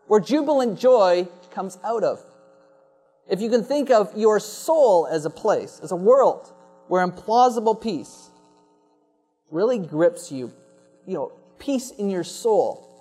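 Pastor, male, fairly high voice; earnest, reflective sermon with emphatic repeats. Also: dark tone.

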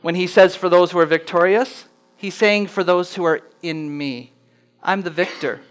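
A man preaching a sermon, earnest and plainspoken, slowing down to read scripture aloud with rising emphasis. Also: high-pitched, clean tone, rough recording. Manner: reads scripture slowly and deliberately, rising for emphasis. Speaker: pastor.

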